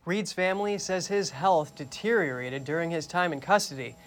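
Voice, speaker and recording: A man anchoring a news program, reading the headlines in a measured, crisp way. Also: fairly high pitch.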